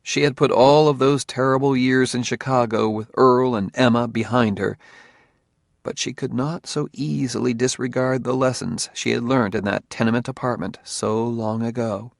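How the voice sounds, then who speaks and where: A man reading a thriller audiobook in steady, intimate scripted narration. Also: medium pitch, normal speed, gravelly, no echo, clean studio sound.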